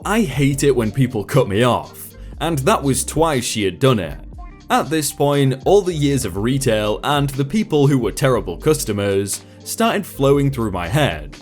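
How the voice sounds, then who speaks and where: A man reads a reddit story aloud in a wry storytelling manner. His pitch moves up and down expressively from line to line. Faint music plays in the background. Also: sing-song, unhurried. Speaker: storytime narrator.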